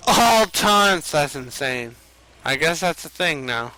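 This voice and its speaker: A man's voice: a little high, very animated, slow pace, pushed and bright, rough recording. A young man streaming a card game, rambling and swearing as he reacts to the plays. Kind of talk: casual gaming commentary.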